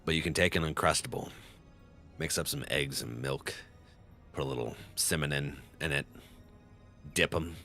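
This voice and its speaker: Gravelly, laughing young streamer guy. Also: rumbling low, moderate pace, pauses often, sharp tone, faint music behind. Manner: laughs often, chats with viewers. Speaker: game streamer. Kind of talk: casual live-stream chat.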